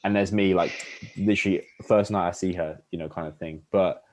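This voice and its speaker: Young guy, very low voice, rambling casual chat with lots of likes and you knows. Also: fairly even intonation, a little fast, darkish tone. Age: young adult. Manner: rambling, many fillers and restarts, acts out pickup lines. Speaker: podcast host.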